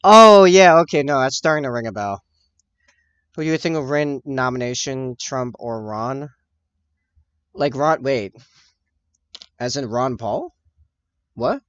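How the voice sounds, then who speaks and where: A man's voice: medium pitch, unhurried, pauses often, a bit bright, no echo. A man streaming casually as he paints miniatures and chats with viewers, rambling, correcting himself and laughing often. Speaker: livestreamer. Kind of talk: casual chat while painting miniatures and answering chat. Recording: dull, dry lo-fi stream audio.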